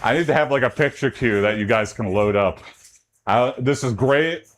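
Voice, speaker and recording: A man from Texas, chatting casually with his livestream chat during a workout. His talk rambles, and his voice jumps up in pitch when he gets excited. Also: normal speed, slight background noise. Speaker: streamer.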